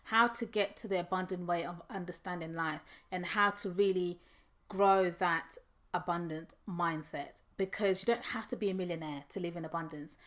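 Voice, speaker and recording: This is a woman author speaking openly about her own book in an unhurried personal monologue. She sounds earnest and candid, drifting into casual asides and restarts, and her faith runs through the way she reflects. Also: on the low side, fairly bright tone. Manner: conversational, with frequent restarts and "like".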